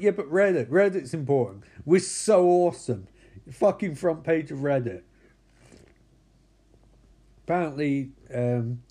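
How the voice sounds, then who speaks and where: Excitable man recapping a film. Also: a little high. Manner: animated, acts out characters' lines, swears a lot. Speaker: film commentator.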